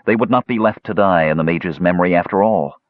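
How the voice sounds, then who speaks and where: A man narrating a fantasy audiobook in a dramatic, expressive reading. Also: low voice, fast talker, no echo, narrow, tinny audio.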